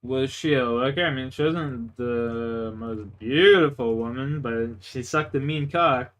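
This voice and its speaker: Speaking at a measured pace in a mid-range voice, this gaming livestreamer from Canada is a young man telling stories in casual chat. They're crude and boastful, rambling along with plenty of "like."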